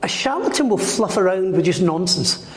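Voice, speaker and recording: His voice sits high and moves at a moderate pace as he guests on a podcast interview as a psychic medium. Animated throughout, he narrates stories and mimics the people in them; the recording is roomy, with a long reverb.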